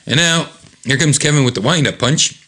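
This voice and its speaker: A man hosting a show, reading a comic book aloud with commentary, jumping into high character voices and chuckling at the jokes. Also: a little fast, sharp tone. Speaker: host.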